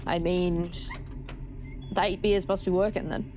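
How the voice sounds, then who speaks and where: A woman's voice: lowish voice, level tone, measured pace, music in the background. A young Australian woman casually chatting with her chat while she plays a horror game, swearing freely. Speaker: streamer. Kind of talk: casual gameplay commentary.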